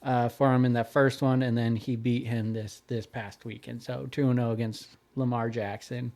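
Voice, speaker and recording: A man's voice: mid-range voice, flat delivery, moderate pace, darkish tone. A man co-hosting a podcast, reading through follow-up notes in casual chat with fillers. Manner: reads notes and lists, hesitant with fillers. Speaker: podcast co-host.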